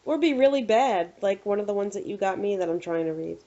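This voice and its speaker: A woman co-hosting a casual podcast, ranting with animated exasperation. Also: mid-range voice, fairly quick. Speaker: podcast co-host. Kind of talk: casual chat. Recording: dull lo-fi recording.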